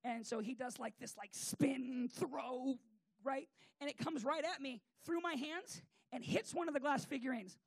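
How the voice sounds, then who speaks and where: A man's voice: extremely high pitch, gravelly, husky, dry recording. A man preacher telling a rambling, joking story in a comic sermon, full of fillers.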